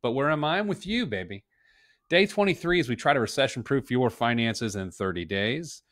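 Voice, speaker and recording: A man's voice: medium pitch, animated, fairly quick, a bit bright, no room sound. Middle-aged guy doing a money live stream, chatty and jokey, dry close sound. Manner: upbeat, joking, conversational. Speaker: financial planner and live stream host. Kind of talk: casual live stream talk.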